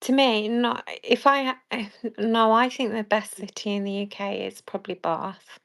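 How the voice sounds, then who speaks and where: Woman, Birmingham accent, gravelly mid-pitched voice, self-deprecating live-stream chat. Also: moderate pace, a bit bright. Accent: Birmingham English. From England. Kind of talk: casual chat.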